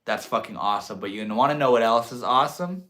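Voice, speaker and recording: A young man hosting a livestream, talking in a reflective, drawn-out way and swearing casually. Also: mid-range voice, lively intonation, a bit bright. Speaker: livestream host.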